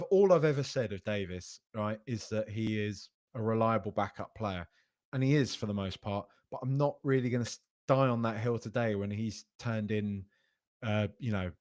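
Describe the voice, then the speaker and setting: A man's voice: on the low side, moderate pace, darkish tone. A man hosting a casual football podcast stream, arguing emphatically and repeating phrases as he makes his points. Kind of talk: casual live-stream commentary reading chat.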